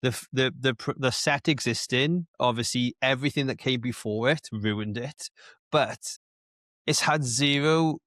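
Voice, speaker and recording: A man's voice: medium pitch, a little slow, fairly bright tone, no echo. A man co-hosting a casual podcast, rambling, with lots of restarts. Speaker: podcast co-host.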